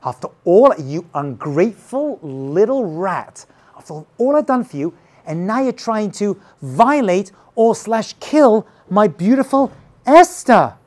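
A man doing a furious ancient king who rants in lively swings of pitch. He is indignant, betrayed and loud. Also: unhurried. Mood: outraged. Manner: shouting and indignant.

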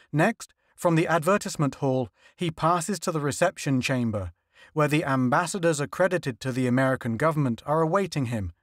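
Man, audiobook narrator, classic fiction, steady reading, fairly high voice, dry close sound. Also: no echo.

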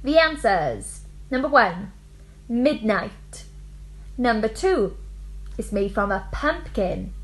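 A woman teacher reading out fairy tale quiz questions and answers, slow, clear and expressive. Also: on the high side.

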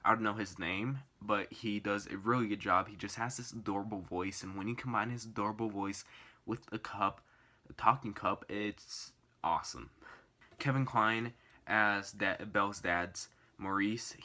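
Bright-voiced young man reviewing a film. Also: on the low side, normal speed. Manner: enthusiastic, rambling with fillers. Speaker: movie reviewer. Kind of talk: casual movie review.

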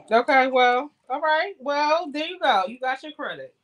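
A woman's voice: high voice, lively intonation, measured pace. A woman hosting a casual livestream chat, teasing her guests and laughing a lot. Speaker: livestream host.

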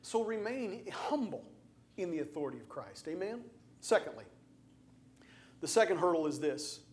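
Male preacher, high-pitched, emphatic delivery with repetition and direct questions. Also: sing-song, normal speed, slight background noise. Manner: emphatic, repeats phrases for stress; asks the congregation direct questions. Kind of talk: sermon.

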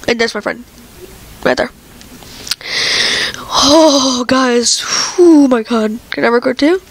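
High-voiced excitable vlogger with a cold. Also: female voice, takes it slowly, husky. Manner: excitable and rambling, lots of fillers. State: has a cold, coughing. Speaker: channel host. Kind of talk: casual vlog chat to viewers. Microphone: computer recording software.

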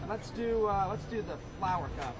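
A man vlogging at a comic convention, goofy and over-the-top, shouting a catchphrase and giving shout-outs. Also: high voice, animated, moderate pace. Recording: noisy convention crowd around.

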